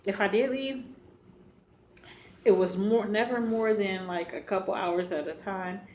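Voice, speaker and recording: A woman at a middle pitch tells a personal story straight to her viewers in a loose, chatty way. She keeps calling them y'all and fills her sentences with "like" and "you know". A faint hiss sits under her voice. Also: measured pace, darkish tone. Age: adult with a child. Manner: chatty, addresses viewers as y'all, many fillers. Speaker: vlogger telling a personal story. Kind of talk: casual storytelling to camera.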